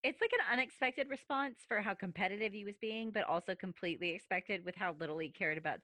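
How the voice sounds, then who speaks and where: A woman's voice: mid-range voice, fast talker, pushed and bright, no echo. A young woman co-hosting a casual podcast, chiming in with wry jokes. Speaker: podcast co-host. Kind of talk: casual chat.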